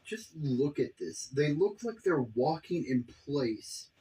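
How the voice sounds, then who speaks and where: A man's voice: a little high, sing-song, slow, mellow, faint music behind. A man giving casual, profane reaction commentary on a video, exasperated and rambling.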